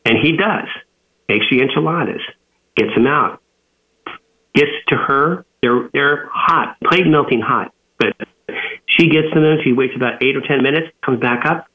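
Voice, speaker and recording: A mid-pitched man tells a long story on a tinny phone line, restarting phrases and filling pauses with "um." The narrow, phone-like sound strips away all warmth and depth. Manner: rambling, frequent fillers and restarts. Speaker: guest, author and entrepreneur. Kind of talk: storytelling in an interview.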